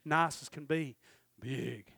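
A man preaching a sermon, telling folksy stories and acting out the dialogue, swinging from shouted peaks down to low murmurs. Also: takes it slowly, vocal fry, no room sound. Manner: folksy storytelling with acted-out dialogue. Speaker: pastor.

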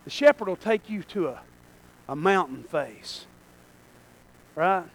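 A male pastor preaching a sermon in a church, swinging between shouted lines and quiet asides. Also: high voice, lively intonation, slow, gravelly, rough recording.

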